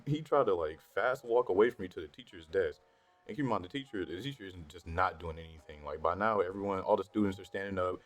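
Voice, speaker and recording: Deep-voiced young man telling a story. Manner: profane, slangy, animated when worked up. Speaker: storytime vlogger. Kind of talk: casual storytelling. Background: faint background music.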